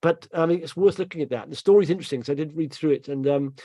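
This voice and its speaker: A man's voice: fairly high pitch, fast, dry recording. Chatty man, dry close sound. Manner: chatty, rambling, laughs to himself, trails off quietly. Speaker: market commentary host. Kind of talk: casual market commentary over charts.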